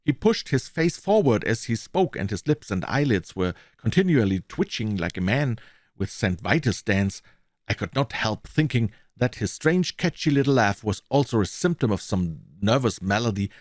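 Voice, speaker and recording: German man narrating, lively expressive delivery. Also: fairly low pitch, moderate pace, dry recording, studio quality. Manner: expressive first-person narration with small slips. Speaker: audiobook reader. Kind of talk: reading a classic detective story aloud.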